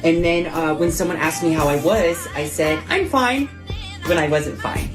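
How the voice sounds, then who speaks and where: A man's voice: a little high, moderate pace, over loud music, lightly acted. A man parodying a young woman in a video, exaggerated, giggly and theatrical. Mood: gushing.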